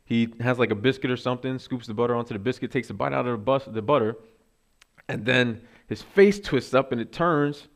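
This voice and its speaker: A man's voice: medium pitch, a little fast, creaky. A man giving a casual, conversational sermon with self-deprecating asides and frequent fillers. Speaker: preacher.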